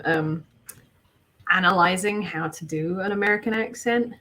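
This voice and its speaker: An English woman with a fairly low speaking voice talks casually on a group art stream. She explains ideas patiently and at length, filling pauses with ums as she thinks. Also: pushed and bright. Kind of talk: casual chat.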